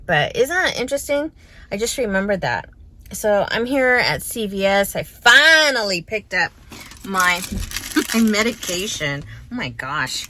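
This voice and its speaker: A woman's voice: mid-range voice, very animated, measured pace, bright, forceful tone. A middle-aged woman vlogging in a casual, chatty way, laughing between thoughts. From United States. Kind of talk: casual vlog chat. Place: pharmacy store.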